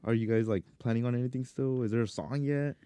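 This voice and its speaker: Brief: male host, easygoing questioner, mid pitch, dry close sound. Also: quick pace, smooth, dry recording. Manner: relaxed, leads questions. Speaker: podcast host. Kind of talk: casual podcast interview.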